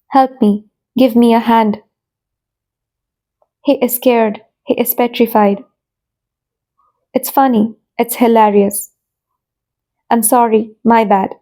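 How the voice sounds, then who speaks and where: A woman reading an English vocabulary lesson as short phrase pairs, with a pause after each phrase. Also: on the high side, warm tone. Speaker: English teacher. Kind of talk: slow scripted vocabulary lesson.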